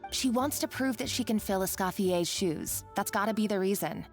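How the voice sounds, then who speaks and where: A woman's voice: mid-range voice, moderate pace, natural voice. A woman voicing an earnest young game character. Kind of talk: game dialogue. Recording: game audio with music.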